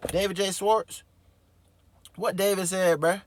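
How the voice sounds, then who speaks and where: A man hosting his own show, reading a book aloud and breaking off into animated, slangy, swearing commentary. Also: on the high side, measured pace. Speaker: host.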